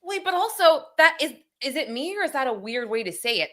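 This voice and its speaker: A woman hosting a chat show, chiming in with quick, incredulous reactions and asides. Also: sits high, big pitch swings, sharp tone. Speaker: show host. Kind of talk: casual chat.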